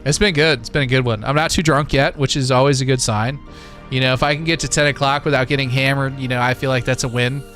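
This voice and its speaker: A man's voice: mid-range voice, fairly even intonation, fast talker, a bit bright, faint music behind. A man hosting a live stream in casual chat, easygoing and rambling with lots of fillers. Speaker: livestream host.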